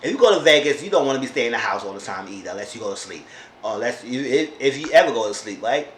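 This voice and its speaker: A man chats through a reality show recap, animated and quick to talk back at the people on screen. His mid-pitched voice bounces around a roomy space, with a faint hiss underneath. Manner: animated, talks back to the characters. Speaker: YouTube reality-TV reviewer. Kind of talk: casual chat recap. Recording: roomy echo, faint background noise.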